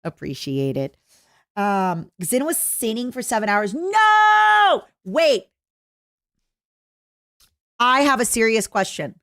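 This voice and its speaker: A young woman with a Canadian accent chatting casually with her stream viewers, jokey and full of quick asides. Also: medium pitch, animated, fairly bright tone, no echo, clean studio sound. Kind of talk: casual livestream chat.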